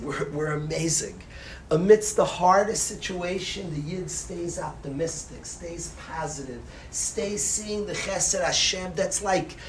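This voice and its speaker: A man, a rabbi, giving a passionate sermon-style Torah class, swinging from loud cries to hushed near-whispers and peppering his speech with Hebrew and Yiddish terms. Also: a little high, slight background noise.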